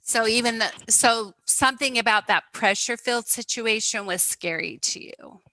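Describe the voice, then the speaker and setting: A woman guest calmly explaining how fear works. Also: a little high, moderate pace, low-quality recording. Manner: calm, explanatory.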